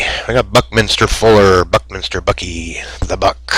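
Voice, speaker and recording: A man's voice: low-pitched, steady tone, normal speed, hardly any pauses, a bit bright, husky, rough recording. A man giving casual, rambling commentary over a game screencast, with many fillers and self-mocking jokes. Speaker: gamer narrating a screencast.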